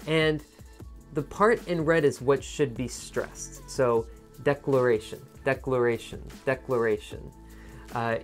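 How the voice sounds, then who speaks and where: A man teaching in a video lesson, with a voice of middling pitch and a patient, explaining manner. He breaks down word stress for test takers and says example words again and again to model them. Soft music sits faintly behind him.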